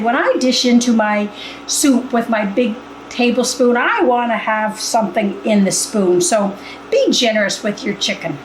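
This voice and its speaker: A chatty, folksy woman, her voice sitting a little high, walks viewers through a recipe in her own home kitchen. She is blunt and talks straight to the camera. The room is echoey, with a faint hum of noise behind her. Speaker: cooking show host. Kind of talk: casual cooking demonstration.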